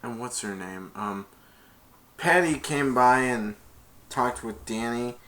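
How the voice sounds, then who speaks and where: A man's voice: mid-range voice, slow, fairly bright tone. A man casually retelling a movie plot, rambling, laughing and acting out the quotes. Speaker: movie reviewer.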